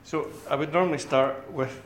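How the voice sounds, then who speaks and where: A man's voice: a little high, fairly even intonation, normal speed, echoey room, a little hiss or hum, poor audio. A man with a Scottish accent giving a talk to a live audience in a rambling, self-deprecating way, full of restarts. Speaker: academic speaker.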